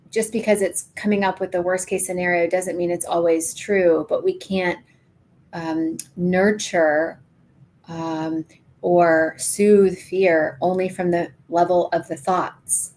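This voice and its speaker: A woman's voice: lowish voice, fairly even intonation, slow, darkish tone. A middle-aged woman co-hosting a podcast, walking the listener through a guided imagery story and acting out its voices. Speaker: podcast co-host. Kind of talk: guided imagery exercise in casual chat.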